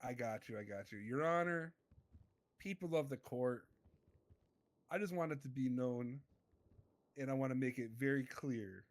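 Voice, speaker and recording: A man's voice: mid-range voice, moderate pace, pauses often, lightly acted. A man playing a small-time crook who testifies in a roleplay court, earnest and rambling, forever turning back to the judge. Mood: pleading.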